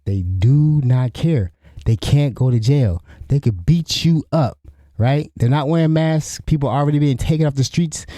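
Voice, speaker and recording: Solo podcast host, middle-aged man, very mellow tone, rambling conversational delivery. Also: medium pitch, normal speed, no room sound. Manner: rambling, restarts often, asks "you know what I'm saying?". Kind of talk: solo commentary.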